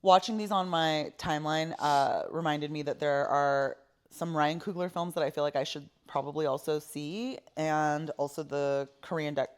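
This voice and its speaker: A woman co-hosting a podcast in casual chat, rambling and relaxed with many fillers. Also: low voice, moderate pace, clean tone. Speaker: podcast co-host.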